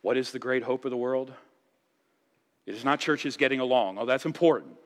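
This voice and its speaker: Male pastor, mid-pitched voice, impassioned sermon delivery, reverberant church. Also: fairly quick. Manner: impassioned preaching, rising and dropping for emphasis. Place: church sanctuary.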